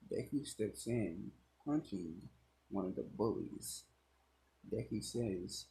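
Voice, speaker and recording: A man's voice: lowish voice, lively intonation, slow pace, warm tone, poor audio. A young man casually narrating a fan story, with rambling, swearing asides.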